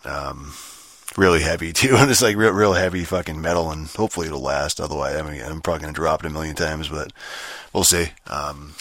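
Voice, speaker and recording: A man's voice: extremely low pitch, fairly quick, a bit bright, no echo. A man ranting casually about his gear as a gaming vlogger, swearing constantly, rambling and laughing often. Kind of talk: casual rant.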